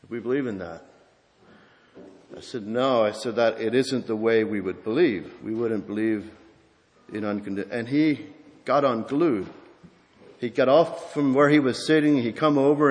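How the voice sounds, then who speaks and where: A man's voice: medium pitch, unhurried, pauses often. Man preaching in a reverberant church. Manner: storytelling with many restarts, building to emphatic preaching. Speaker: pastor. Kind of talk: sermon. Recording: long hall reverb.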